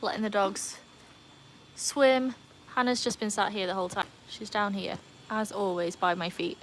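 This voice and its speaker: A woman with a steady, mid-range voice chats at a moderate pace while livestreaming beside her home pool outdoors, a little hiss or hum behind her. She reads viewer comments and occasionally bursts into squealing cheers.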